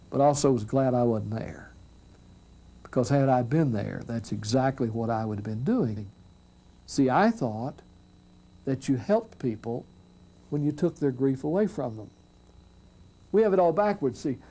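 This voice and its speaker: A man, a minister, giving a storytelling talk on death and grief, earnest and reflective, often dropping soft and quiet. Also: medium pitch. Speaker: minister speaking on hospice and grief.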